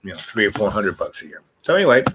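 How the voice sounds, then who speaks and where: A man's voice: lowish voice, very animated, fast, background noise. A man hosting a vlog, telling a meandering personal story with lots of fillers and restarts. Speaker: vlog host.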